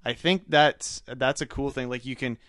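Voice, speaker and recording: A man's voice: mid-range voice, steady tone, moderate pace, fairly bright tone, dry recording, studio quality. A man co-hosting a podcast in casual, crude, joking chat. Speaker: podcast co-host.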